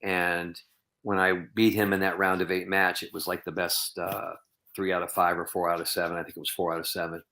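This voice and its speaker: Brief: male podcast guest, deep bright-edged voice, rambling earnest storyteller. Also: little pitch movement, brisk. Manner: rambling anecdotal, heavy with "you know" and "um". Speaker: podcast guest, professional bowler.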